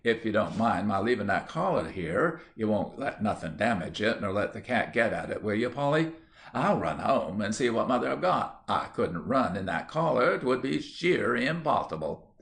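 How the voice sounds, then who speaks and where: A man's voice: on the low side, big pitch swings, moderate pace, gravelly, a bit bright, heavily acted. A man voicing a good-natured young country lad who chats in broad rustic dialect. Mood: chatty.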